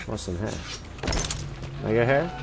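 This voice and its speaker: Slow-talking sarcastic man gaming. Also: on the low side, lively intonation, creaky, very noisy. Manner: sarcastic, swears, quick outbursts of alarm. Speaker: gameplay commentator. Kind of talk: let's play commentary. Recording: game music playing underneath.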